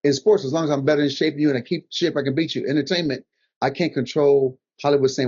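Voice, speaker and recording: An older comedian on as a guest talks fast in a husky, mid-range voice, giving motivational advice. He's an animated storyteller who performs the quotes of people in his stories, and the recording is dull lo-fi.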